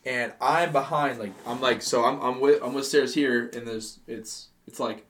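Young male podcast co-host, easygoing, profane, rambling storyteller at mid pitch. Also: moderate pace, a bit bright, slight background noise. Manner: loose, profane, laid-back storytelling with lots of fillers. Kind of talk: casual storytelling chat.

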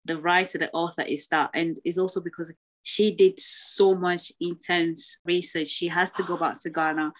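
A woman from Congo talks about books in a relaxed conversation. Her voice sits slightly low, and she sounds thoughtful and earnest, often circling back and restarting her phrases as she works out what she means. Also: moderate pace, hardly any pauses. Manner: reflective, earnest, with many restarts. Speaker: guest.

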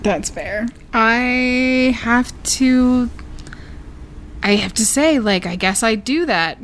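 A woman's voice: mid-range voice, animated, normal speed, a little hiss or hum. A woman co-hosting a casual podcast, giggling often and talking with many fillers as she recaps a TV show. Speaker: podcast co-host.

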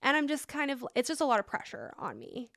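A woman's voice: high voice, brisk, gravelly, no echo. A young woman co-hosting a podcast, telling stories in casual chat with lots of fillers and acted-out dialogue. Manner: animated storytelling, many fillers and quoted dialogue. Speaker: podcast co-host.

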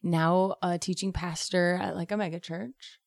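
A woman's voice: fairly low pitch, fairly even intonation, unhurried, gravelly, no room sound, studio quality. A woman comedian telling loose, laid-back stories in casual chat, swearing and calling people "man". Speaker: comedian guest.

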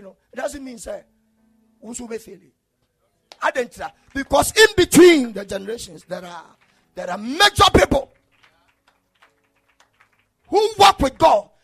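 A male preacher delivering an impassioned sermon, swinging between shouted declarations and low murmurs. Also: creaky, breathy edge.

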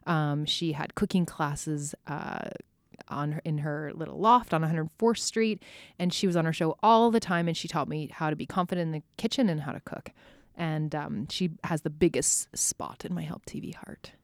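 Woman, ex-TV host, podcast guest; giggly, nervous, salty, low-pitched. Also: steady tone, normal speed, no echo, clean studio sound. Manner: giggly, nervous, swears freely. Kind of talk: casual chat. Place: podcast recording space.

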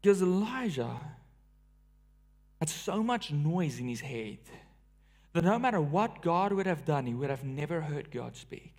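Male preacher, high-pitched, dynamic sermon delivery, loud emphatic peaks dropping to hushed lows. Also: sing-song, unhurried.

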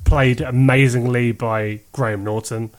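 A man chatting casually on a podcast, his voice sitting at an ordinary pitch. He talks with eager enthusiasm and laughs a lot. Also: steady tone. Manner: enthusiastic, laughs often, breaks into quick impressions.

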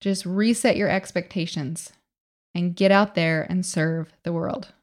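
A woman's voice: lowish voice, steady tone, measured pace. A middle-aged woman hosting a motivational business podcast, talking in an upbeat, emphatic coaching way with lots of rhetorical questions. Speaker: podcast host.

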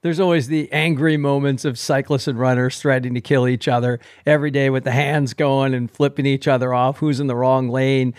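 A man's voice: mid-range voice, level tone, brisk, few pauses, a little mellow, clean tone, dry recording, clean studio sound. A man hosting a casual chat, recapping the guest's story with enthusiastic asides.

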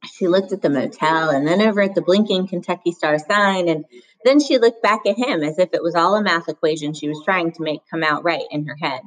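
A woman reading a children's novel aloud in measured, steady audiobook narration. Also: lowish voice, low-quality recording. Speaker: reader.

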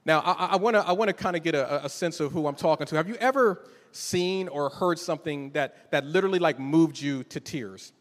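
A middle-aged man preaches in a warm, conversational way, often catching on repeated words before a thought lands. His voice sits fairly high for a man. The sound carries the long reverb of a church hall. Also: a little fast, few pauses. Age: 40s. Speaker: pastor. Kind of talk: sermon.

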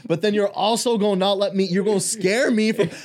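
A man's voice: high-pitched, fairly even intonation, a little fast. A man co-hosting a podcast in casual chat, loose and profane, teasing his co-host.

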